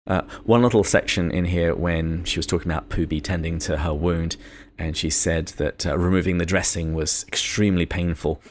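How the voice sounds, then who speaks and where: A British man co-hosting a podcast, talking through a novel in a measured way and reading passages aloud. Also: low voice, steady tone, a little hiss or hum. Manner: measured, reads quotations aloud. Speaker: podcast co-host. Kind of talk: casual book discussion.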